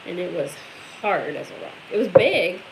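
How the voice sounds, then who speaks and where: A woman's voice: on the low side, lively intonation, normal speed, background noise. A woman with a Midwestern American accent, co-hosting a farm livestream, chatting and reading viewer comments aloud.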